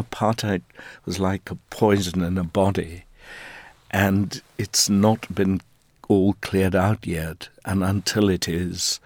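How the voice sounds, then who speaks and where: A middle-aged man from South Africa, a stage actor, answering interview questions in a measured, thoughtful way. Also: low-pitched, darkish tone, dry recording. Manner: measured, thoughtful, deliberate phrasing.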